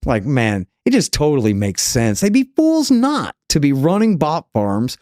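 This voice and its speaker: A man from the United States, a podcast guest, talking in an animated way and acting out the people he quotes. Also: a little high, unhurried, dry recording, studio quality. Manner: animated storyteller, acts out quoted voices. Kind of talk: conversational interview.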